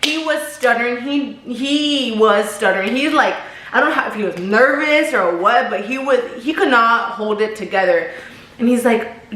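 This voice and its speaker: A young woman vlogger tells a dating story straight to her viewers, chatty and slangy, calling them "y'all." Her medium-pitched voice is expressive and a bit bright, at a moderate pace. The recording has a roomy echo.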